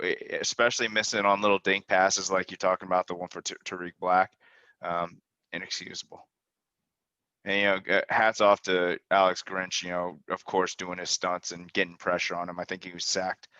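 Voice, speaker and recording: A man co-hosting a sports reaction talk, judging the team's play in halting sentences with many restarts. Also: sits low, sharp tone, no echo. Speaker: co-host. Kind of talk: postgame fan reaction talk. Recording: dull lo-fi dry sound.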